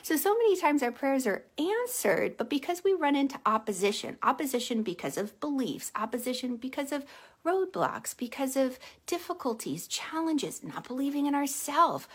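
A woman hosting a casual motivational livestream, telling stories animatedly and dropping to a soft hush on key points. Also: high-pitched, moderate pace. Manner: animated storytelling with acted-out quotes. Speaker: live stream host, empath coach.

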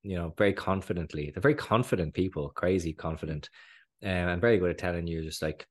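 An Irish man co-hosting a podcast in casual chat, slightly hoarse from a cold, rambling and laughing often. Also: low voice, fast. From Ireland. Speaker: podcast co-host.

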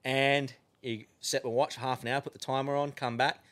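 This Australian podcast guest has a medium-pitched voice and speaks at a normal speed. He tells laid-back stories in a lively, profane style, swearing often as he goes.

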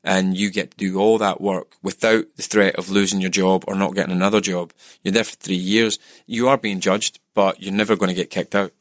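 Low-voiced Scottish man, dry close sound. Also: a little fast, no room sound. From Scotland. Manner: animated storyteller, acts out quoted voices. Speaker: actor guest. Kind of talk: casual interview chat.

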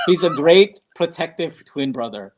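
A man's voice: on the high side, takes it slowly, noisy background. A middle-aged man, a guest on a casual talk show, telling a story with lots of acted-out quotes and switching between English and Tagalog. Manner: animated storyteller who acts out quoted dialogue; mixes English and Tagalog mid-sentence. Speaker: podcast guest, radio host. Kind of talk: casual interview chat.

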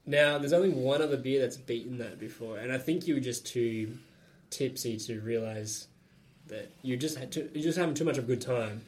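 Animated man on a casual podcast. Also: medium pitch, normal speed. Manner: animated, joking. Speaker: podcast co-host. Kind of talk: casual chat.

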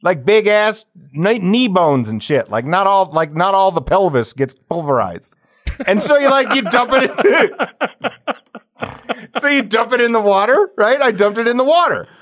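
A man in casual podcast chat who tells long, profane stories and breaks into laughter along the way. His pitch rises and falls widely as he gets into a tale. The sound is close and dry, with no room in it. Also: sing-song, fairly bright tone, dry recording. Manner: does quick impressions of people in his stories. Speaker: podcast co-host.

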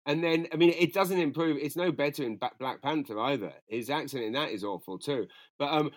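A man's voice: fairly high pitch, brisk, no echo. A man, co-hosting a casual chat and rambling through strong, profane opinions. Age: 40s. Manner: rambling, opinionated, swears freely. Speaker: podcast co-host.

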